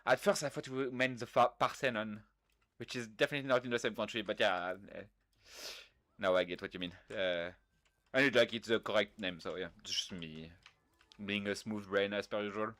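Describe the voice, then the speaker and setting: A man's voice: lowish voice, fairly even intonation, normal speed, sharp tone, no echo. A man with a French accent, chatting casually on a game stream, laid-back, swearing freely and mocking himself. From France. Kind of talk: casual live-stream chat, reading out viewer messages.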